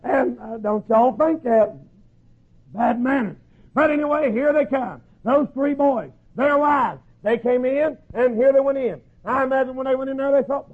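A man preaching a sermon in a folksy storytelling way, acting out voices and shouting at the peaks. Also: very high-pitched, moderate pace, breathy edge. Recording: tinny phone-like lo-fi recording.

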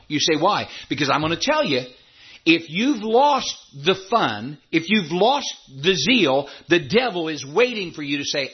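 Man, pastor, sermon, husky voice, wildly swinging pitch, dull lo-fi recording. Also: very animated, a little slow. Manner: emphatic preaching, rising high when voicing doubters.

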